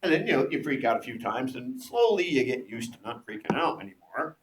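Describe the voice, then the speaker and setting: A male teacher lecturing and spinning a story for his class, acting out the voices of the people in it. His voice rises and falls in a lively way as he talks. The room is echoey, with faint noise behind him. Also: medium pitch, fairly quick. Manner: animated storytelling, acts out voices.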